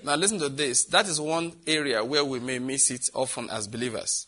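A man's voice: medium pitch, moderate pace, pushed and bright. A man preaching a sermon, reading scripture aloud and asking the congregation questions.

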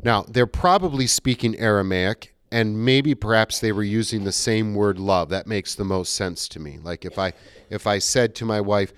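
A man's voice: on the low side, moderate pace, clear, resonant tone, no echo. A middle-aged male pastor giving a conversational sermon, acting out quoted dialogue as he goes.

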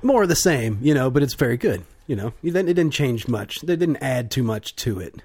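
A man co-hosting a podcast, speaking casually in a halting way full of fillers and restarts. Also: mid-range voice, very animated, darkish tone, slightly rough. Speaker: podcast co-host. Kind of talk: casual chat.

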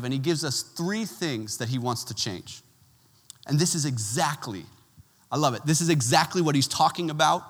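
A man's voice: fairly high pitch, big-room sound. A man preaching a sermon in a conversational way, telling stories with casual asides. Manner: conversational, animated storytelling with asides. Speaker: pastor.

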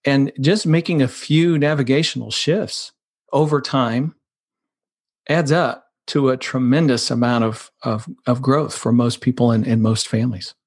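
A man talks through stepfamily struggles on a podcast, earnest and conversational. His voice sits at an ordinary middle pitch. He builds his points with plain, vivid pictures. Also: steady tone, unhurried, darkish tone. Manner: earnest, explains with vivid doorstep images. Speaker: podcast guest, blended family counselor.

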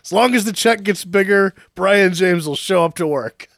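A man's voice: sits high, moderate pace, a bit bright, dry recording. Man, sarcastic, swears a lot, podcast movie recap, dry sound. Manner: sarcastic, swearing, mimics characters in silly voices. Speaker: podcast co-host. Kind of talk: casual movie-recap chat.

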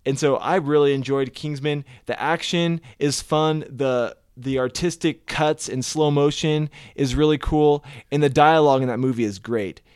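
A man's voice: on the high side, fairly even intonation, moderate pace, few pauses, darkish tone, clear, resonant tone, no room sound, clean studio sound. A man co-hosting a podcast in casual chat, loose and talkative and swearing freely. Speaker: podcast co-host.

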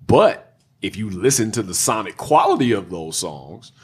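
A man in a group chat who explains his view at length in a measured, analytical way. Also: fairly low pitch, sing-song, husky.

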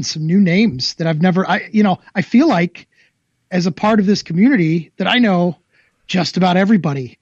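Podcast guest, man, calm explainer, muffled dry audio. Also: high-pitched, no room sound. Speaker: tournament organizer on a podcast. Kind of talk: casual chat.

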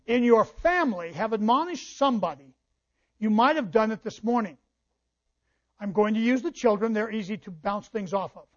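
A male pastor preaching a sermon, reading scripture aloud and explaining it to his congregation. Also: very high-pitched. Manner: preaching with quoted scripture and asides. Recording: dull lo-fi church recording.

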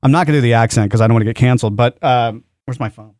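A man hosting a radio talk show from the studio, telling a story with lively banter and acting out both sides of a phone call. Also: mid-range voice, very fast, dry recording.

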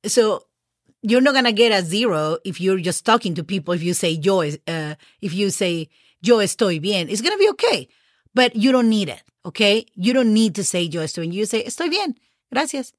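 A woman's voice: mid-range voice, animated, normal speed, no echo, studio quality. Patient woman teaching. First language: Spanish. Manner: patient, spells words letter by letter, checks in with "okay?". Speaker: Spanish teacher, podcast host. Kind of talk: casual podcast language lesson.

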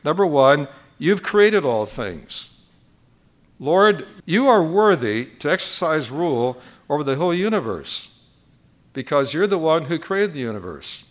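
An older male preacher delivers a teaching sermon at a conference. His voice sits a little high for a man. He works through his points one by one and repeats key phrases to drive them home. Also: big pitch swings, measured pace.

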